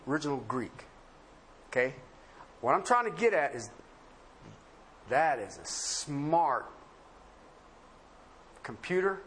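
A man preaching a sermon, asking rhetorical questions and swinging between emphatic highs and low murmurs, laughing often. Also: fairly bright tone, slight background noise.

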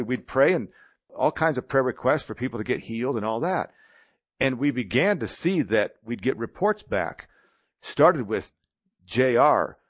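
A man's voice: medium pitch, dry recording. A man in his sixties preaching a sermon, telling his own testimony in a plain-spoken, storytelling way.

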